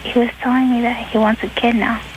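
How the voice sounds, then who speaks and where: A teenage girl calling a radio show, speaking quietly and hesitantly, with lots of fillers. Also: a little high, little pitch movement, fairly quick, background noise. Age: teens. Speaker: caller. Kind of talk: phoned-in call to radio show.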